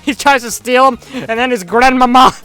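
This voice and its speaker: A man recapping a movie for laughs, rambling and sarcastic, with crude asides and quick switches into voices for the characters he quotes. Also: very high voice, pushed and bright, smooth. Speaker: comedic movie recap narrator. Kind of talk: fast comedic movie recap.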